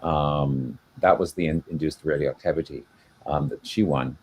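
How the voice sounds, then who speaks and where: A man's voice: very deep voice, normal speed, slightly rough. A man co-hosting a casual video-call chat, explaining at length with many fillers and restarts. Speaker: genealogy show co-host.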